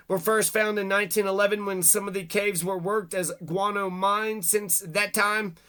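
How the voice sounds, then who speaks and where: A man with a high voice reads local history aloud and trips over words. He then breaks into profane, ranting commentary with a bright, sharp edge. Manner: profane, stumbles over words while reading. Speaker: video host.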